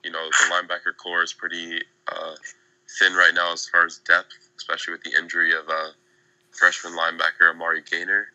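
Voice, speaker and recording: A young man giving casual, measured analysis on a podcast, with plenty of fillers. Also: low voice, completely flat delivery, bright, forceful tone, no echo, dull audio. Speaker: guest analyst.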